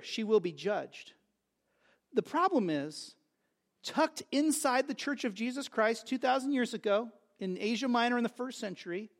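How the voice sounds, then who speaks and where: A man pastor preaching a sermon, emphatic, lifting his voice loudly when he reads out scripture, with frequent restarts. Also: high-pitched, creaky. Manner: emphatic preaching with rising, loud quoted lines and frequent restarts.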